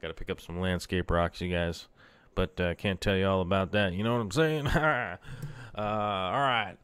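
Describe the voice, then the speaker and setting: Laid-back low-voiced man rambling. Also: normal speed, a bit bright, clear, resonant tone. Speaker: live stream host. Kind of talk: casual live stream chat.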